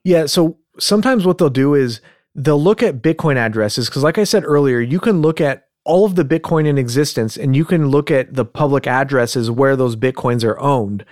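A man's voice: medium pitch, animated, moderate pace, a little mellow, dry recording, studio quality. A man in casual podcast conversation, explaining facts in a plain, matter-of-fact way.

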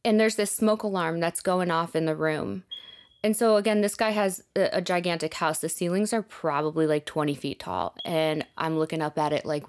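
A woman's voice: sits low, steady tone, normal speed. Chatty young woman telling a story. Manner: chatty, many fillers like "like", dips to soft reflective tones. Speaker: podcast guest telling her story. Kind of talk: personal storytelling in casual conversation.

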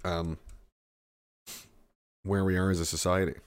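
A man's voice: low voice, little pitch movement, a little slow, clear, resonant tone. A man ranting in a rambling, sarcastic comedy monologue, swearing often. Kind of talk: profane comedic rant.

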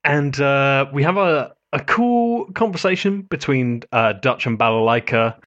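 A man's voice: mid-range voice, lively intonation, unhurried, a bit bright, dull audio. Enthusiastic man chatting about anime. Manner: enthusiastic, swears freely, laughs often. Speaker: podcast co-host. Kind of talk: casual anime review chat.

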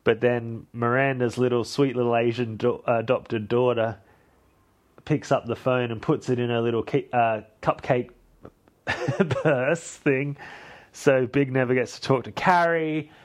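A man's voice: medium pitch, fairly even intonation, unhurried. A man hosting a podcast, recapping a film in a rambling, casual way with swearing and self-corrections. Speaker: podcast host.

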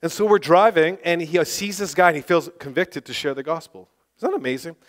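A man preaching and telling testimony stories with passionate, excitable energy, now and then bursting into shouts. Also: on the high side, fairly quick. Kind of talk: sermon testimony storytelling.

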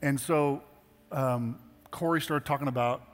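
A man's voice: medium pitch, fairly even intonation, measured pace. A middle-aged man preaching a sermon as pastor, talking conversationally and earnestly and building to emphatic exhortations. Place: church sanctuary. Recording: hall reverb with faint music.

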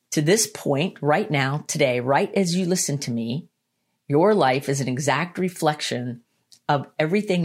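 A woman giving a motivational self-help talk, earnest and emphatic, repeating her key lines and slowing down to stress them. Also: sits low. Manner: slows down to stress points. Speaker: motivational speaker.

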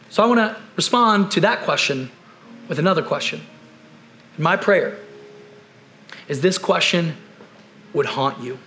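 A man preaching a conversational sermon, repeating key phrases and firing off rhetorical questions, then dropping to quiet, slow emphasis. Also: sits high. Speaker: pastor.

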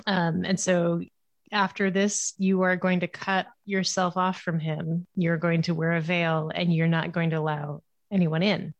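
A woman's voice: fairly low pitch, flat delivery, measured pace, no room sound, lo-fi sound. A woman in a casual book discussion, reflective and analytical. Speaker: podcast guest.

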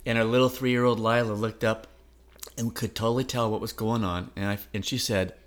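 A man's voice: lowish voice, steady tone, brisk. A middle-aged man co-hosting a podcast, talking in an earnest, encouraging way. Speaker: podcast co-host. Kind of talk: casual chat.

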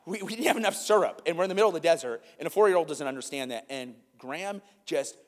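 A man in his thirties preaching in a church, telling stories in an animated way and asking questions of the people in front of him. His voice sits high for a man. The sound rings with the long echo of a large hall. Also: quick pace. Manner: animated storytelling, asks the congregation questions. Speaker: pastor. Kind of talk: sermon. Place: church sanctuary.

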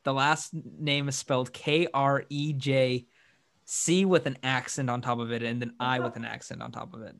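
A man's voice: mid-range voice, level tone, moderate pace, creaky, a bit bright. A man hosting a casual sports podcast, rambling with frequent restarts and hiccuping. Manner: rambling, restarts often, upbeat. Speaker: podcast host.

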